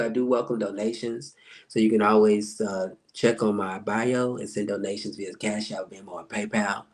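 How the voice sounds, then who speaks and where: A man working as a spiritual life coach, talking casually about astrology on a live stream, answering viewers by name and acting out quoted reactions. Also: medium pitch.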